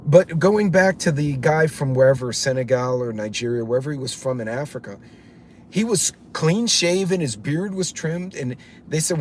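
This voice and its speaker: Animated and at a moderate pace, a man with a darkish mid-range voice hosts a live stream, offering blunt, rambling commentary. He curses casually and greets viewers by name as he reads chat, over slight background noise.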